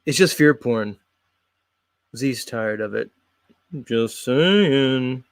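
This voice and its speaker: A man's voice: mid-range voice, expressive, very slow, no echo. A man hosting a show in a casual, mocking, blunt comedic rant. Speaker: host.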